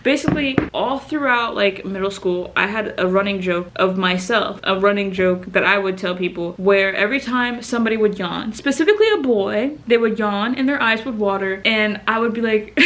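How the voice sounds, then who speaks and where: A woman's voice: mid-range voice, moderate pace, fairly bright tone, slight background noise. A young woman telling embarrassing stories to camera in a rambling way, swearing often, laughing through them and sounding sleepy. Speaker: vlogger. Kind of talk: casual storytelling to camera.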